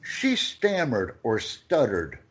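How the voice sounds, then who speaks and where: A man teaching English phrases in a lesson, reading each phrase slowly and with emphasis for his student to repeat. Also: mid-range voice, huge pitch swings. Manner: slow and emphatic, phrases stressed one by one.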